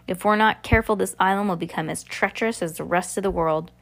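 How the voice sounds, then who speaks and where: A woman's voice: medium pitch, fast talker, lightly acted. A woman reading as a weary male castaway. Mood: earnest.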